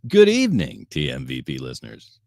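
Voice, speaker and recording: A man reads a comedic news script in a mock newscaster manner. His pitch leaps widely from phrase to phrase, and the close mic leaves the sound dry. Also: wildly swooping pitch, brisk, vocal fry, darkish tone, no room sound. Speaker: podcast co-host.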